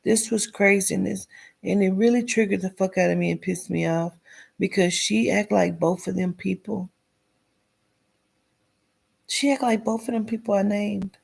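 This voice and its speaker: Blunt, gravelly woman ranting. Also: mid-range voice, fairly even intonation, moderate pace, long pauses, darkish tone. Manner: blunt, profane, drops into whispers for emphasis. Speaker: commentary vlogger. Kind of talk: casual commentary rant.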